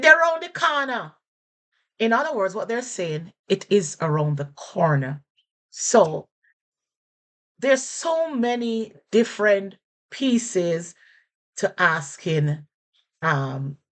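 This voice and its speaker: Slow, low-voiced Jamaican woman teaching. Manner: repeats and rephrases phrases slowly for learners. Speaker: language teacher. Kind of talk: casual spoken lesson.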